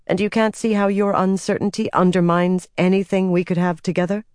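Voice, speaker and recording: A narrator voicing a young woman leader who speaks in a cool, measured and commanding way. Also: medium pitch, little pitch movement, a little mellow, clear, resonant tone, no room sound, clean studio sound, pitched above the performer's own voice, close to an everyday voice. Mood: firm. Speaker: Amyrlin.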